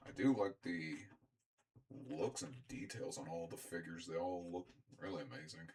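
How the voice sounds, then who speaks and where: A young man with a very deep voice talks through a toy unboxing in a loose, rambling way. He keeps stopping to clear his throat and tacks on asides as he goes. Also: expressive, normal speed, darkish tone. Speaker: toy reviewer. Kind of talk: casual unboxing review.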